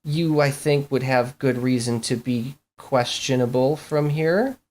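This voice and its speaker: A game master narrating a tabletop game at a middle pitch, circling back and restarting often as the scene gets set. The delivery is loose and unscripted. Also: darkish tone, slight background noise. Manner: halting, full of fillers and restarts.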